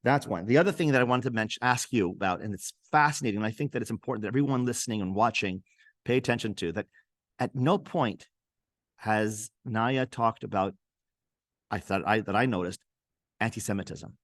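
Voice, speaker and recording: A man's voice: fairly low pitch, a little fast, no room sound, studio quality. A man hosting a podcast interview, French his first language, talking earnestly and thoughtfully with some restarts. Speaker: podcast host. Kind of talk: conversational interview.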